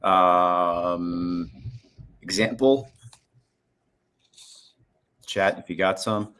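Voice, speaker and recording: Man, forties, very low pitch, casual co-host chat, rambling, video call. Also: fairly even intonation, extremely slow, a bit bright. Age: 40s. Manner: rambling, restarts often. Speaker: podcast co-host.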